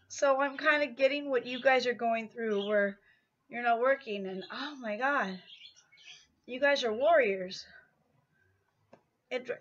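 A woman's voice: fairly high pitch, a bit bright, highs cut off. A woman chatting in a casual vlog update while pedaling an exercise bike at home, slightly out of breath and rambling with many fillers. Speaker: vlogger.

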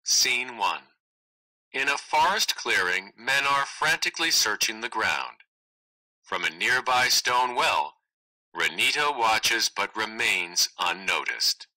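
A man's voice: lowish voice, lively intonation, takes it slowly, bright, forceful tone, low-quality recording. A man reading a class play aloud, calling out each cast name and stage direction in turn. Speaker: reader.

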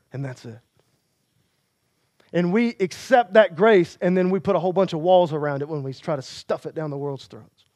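A man's voice: high-pitched, dry recording. A man preaching a sermon as a pastor, with impassioned, emphatic delivery.

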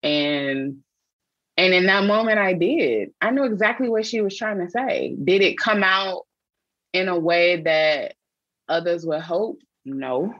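A woman's voice: on the low side, a little slow, no room sound, dull audio. A woman theologian being interviewed on a podcast, speaking earnestly and reflectively with frequent restarts. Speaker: guest, theologian and author.

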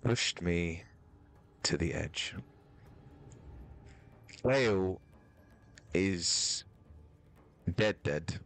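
A man giving playful, animated commentary while playing a video game, thinking aloud and repeating himself. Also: sits low, extremely slow, gravelly, long pauses. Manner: animated, playful, sudden loud outbursts. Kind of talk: live gameplay commentary.

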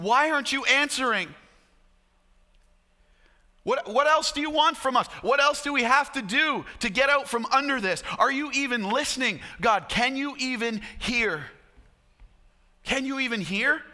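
A man's voice: extremely high pitch, sharp tone, voice pushed up, full character voice. Man doing desperate israelites begging god, voice jumps way up, long church echo. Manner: pleading, rising questions. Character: anguished enslaved Israelites crying out to God.

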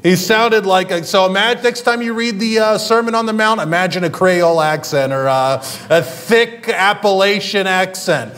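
Pastor guy preaching, kinda high voice, chatty, lots of uhs and restarts. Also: fairly quick, few pauses, fairly bright tone. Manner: conversational preaching with frequent fillers and restarts. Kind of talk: sermon.

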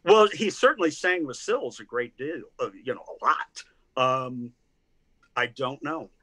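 A man's voice: medium pitch, lively intonation, measured pace, fairly bright tone. An older man from Tennessee with a Southern accent, a guest critic telling stories in a casual interview with frequent restarts. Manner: chatty storyteller, many restarts and laughs. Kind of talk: casual video-call interview.

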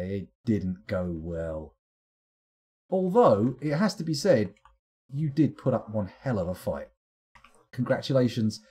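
A man streaming live gameplay, narrating combat excitedly and joking with the game's characters. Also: fairly low pitch, husky. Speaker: game streamer.

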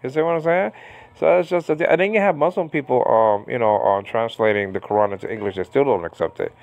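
A man's voice: on the low side, fast talker, muffled recording. A man giving a casual, unscripted Bible Greek lesson, rambling with frequent restarts and a combative tone.

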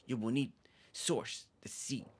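A man voicing a dramatic, secretive male villager in a deep, half-whispered, solemn voice. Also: slow pace, natural voice. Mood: brooding. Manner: solemn, cryptic pronouncements. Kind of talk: game dialogue read-along. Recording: faint game music behind.

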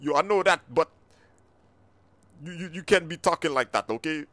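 A man's voice: on the high side, moderate pace, sharp tone, no room sound. A gaming YouTuber, a man chatting in a jumpy, panicky way full of "yo" while role-playing through gameplay. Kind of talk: excited role-play gameplay chat.

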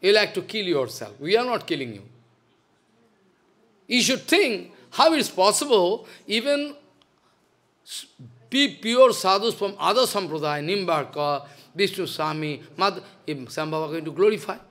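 A man's voice: high voice, very animated, moderate pace, a bit bright. A man, a spiritual teacher giving a devotional lecture in a stern, scolding manner, repeating his points. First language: Bengali.

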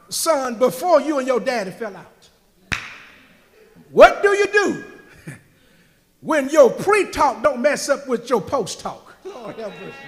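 A pastor delivers a fervent sermon in a very high voice, circling back to the same phrases and building to shouts. His words ring out in a church sanctuary with a long, trailing reverb. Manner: fervent preaching, rising to shouts, repeats phrases.

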